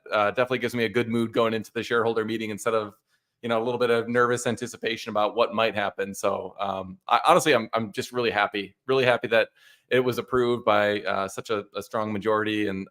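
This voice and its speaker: A chatty man talks as a guest on a casual live stream and pokes fun at himself. His voice sits on the low side. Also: a bit bright. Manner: self-deprecating, relieved, chatty. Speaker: guest commentator.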